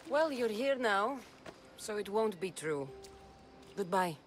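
An actress playing a calm, steady young female mercenary in a video game cutscene. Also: medium pitch, takes it slowly, a little hiss or hum. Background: game score.

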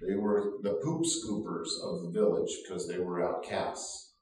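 A man's voice: sits low, flat delivery, unhurried, warm tone. A man pastor telling a story in a sermon, laughing often at his own anecdote. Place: church sanctuary. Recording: very echoey room, voice from far off.

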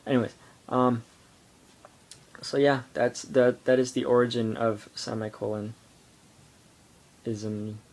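Slow, rambling teenage boy vlogger. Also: mid-range voice, level tone, a little mellow. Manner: rambling, halting, lots of fillers. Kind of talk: casual rambling vlog. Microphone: iPod camera.

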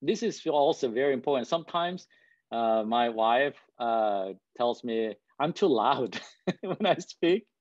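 A man's voice: mid-range voice, animated, measured pace, a little mellow, no echo, highs cut off. Man speaking English as a second language. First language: not English. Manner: conversational, keeps checking in with "right?". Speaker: guest speaker. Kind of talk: presentation to an audience.

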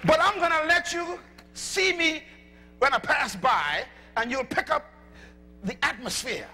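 Calm fatherly god acted by a male preacher, gentle, reassuring, lively lift. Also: very high-pitched, unhurried, big-room sound, soft background music, exaggerated voice. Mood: warm, reassuring.

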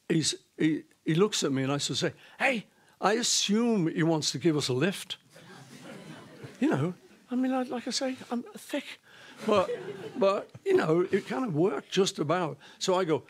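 A man, a guest in an interview, telling a story in a lively way, laughing and acting out the voices of the people in it. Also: high voice, breathy edge. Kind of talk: casual anecdote telling.

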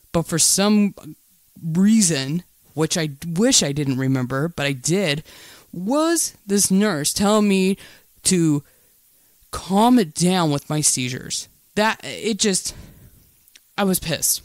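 A woman's voice: deep voice, darkish tone, dry recording, clean studio sound. Candid woman talking on her podcast. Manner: candid, heated storytelling with frequent restarts. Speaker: podcast host. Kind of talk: casual solo podcast monologue.

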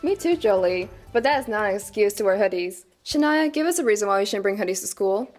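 A woman's voice: mid-range voice, expressive, fast talker, darkish tone, faint music behind. A woman co-anchoring a student news show, reading the script and handing off to other reporters. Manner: announces segments and hands off to others.

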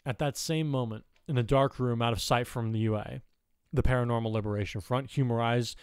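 A man's voice: medium pitch, no room sound, clean studio sound. Man narrating a fan fiction audiobook.

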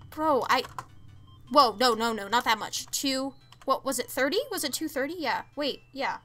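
A young woman streaming a video game, chatting casually, gushing and stammering with excitement as she thanks viewers. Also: high-pitched. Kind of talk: casual live-stream chat.

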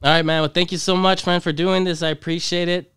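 A man hosting a podcast in casual chat, relaxed and slangy, calling his guest bro and man. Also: sits high, fast talker, clean tone, dry recording, studio quality. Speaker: podcast host.

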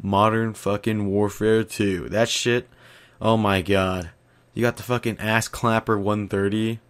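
A man's voice: fairly low pitch, flat delivery, unhurried, smooth. A young man delivering a profanity-filled, exaggerated comedic rant as a YouTuber.

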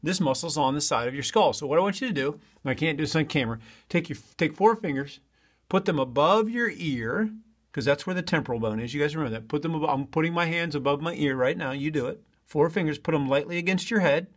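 A man's voice: on the high side, fast. A man teaching an online lesson in a chatty way, talking straight to his students. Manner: chatty, talks to students directly.

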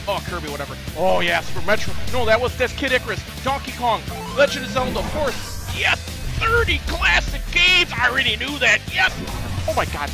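A middle-aged man reacting with glee to a game trailer in an excited vlog, gasping and shouting. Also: extremely high pitch, normal speed, over music. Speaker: YouTube gamer reacting to a trailer.

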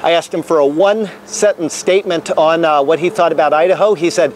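High-voiced earnest preacher outdoors. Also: male voice, fairly even intonation, a little fast, a little hiss or hum. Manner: earnest, solemn reading of scripture. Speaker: traveling minister. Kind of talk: open-air preaching and prayer reading. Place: outdoors on capitol grounds.

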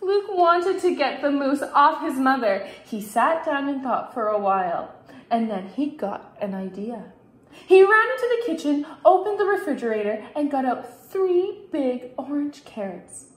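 A young woman teacher reading a children's picture book aloud, expressive, with big shouted lines for the characters. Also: high-pitched, unhurried. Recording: echoey room.

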